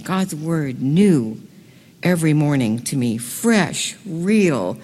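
A woman giving an enthusiastic talk to a women's gathering, moving between hushed, slow passages and excited bursts. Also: low voice. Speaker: speaker at a women's event. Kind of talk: sermon. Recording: long reverb of a hall.

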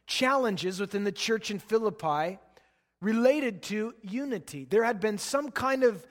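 A man in his late thirties, a pastor, preaching a sermon and telling stories in a relaxed, chatty way. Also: high voice, measured pace. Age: late 30s. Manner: relaxed, chatty storytelling with laughs. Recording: long hall reverb.

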